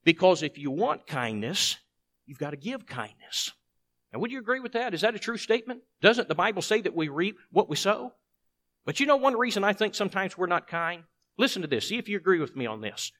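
Emphatic higher-voiced preacher. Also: male voice, big pitch swings, fairly quick, fairly bright tone. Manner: emphatic, asks the congregation rhetorical questions. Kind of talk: sermon.

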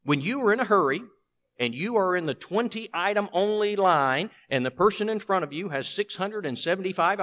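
Emphatic higher-voiced preacher. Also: male voice, a bit bright. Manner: emphatic, asks the congregation rhetorical questions. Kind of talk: sermon.

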